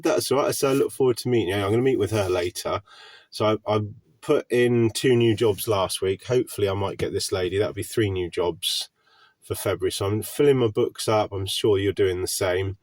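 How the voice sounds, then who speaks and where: A man's voice: fairly low pitch, dry recording. An English man rambling glumly to camera in a casual vlog rant while getting over a cold, sitting in his van. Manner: glum, candid, wandering talk. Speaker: gardener vlogger. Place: parked van by a park.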